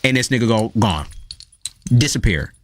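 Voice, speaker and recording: A man hosting a live stream, chatting casually with viewers in a loose, profane, animated storytelling manner. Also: medium pitch, moderate pace, slight background noise. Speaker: live stream tarot reader.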